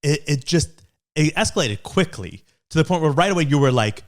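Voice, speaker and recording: In casual podcast chat, a young co-host with a slightly high voice tells a story at a moderate pace. He brings it to life by acting out the people in it and voicing their quotes.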